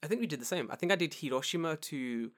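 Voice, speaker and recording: A man's voice: on the high side, quick pace. A man from England with a London accent, casually telling travel stories and acting out the people in them. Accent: London English. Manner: animated, acts out dialogue, swears freely. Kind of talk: casual storytelling chat.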